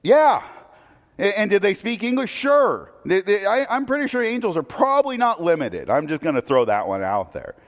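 A man's voice: high-pitched, big pitch swings, moderate pace. A male pastor preaching a conversational sermon, often asking the audience rhetorical questions and restarting his phrases. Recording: long reverb of a hall.

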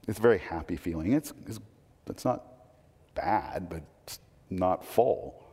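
A man delivering a conversational sermon as a pastor, asking rhetorical questions and swinging between emphatic raised lines and quiet low asides. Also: lively intonation, moderate pace, husky, long reverb tail.

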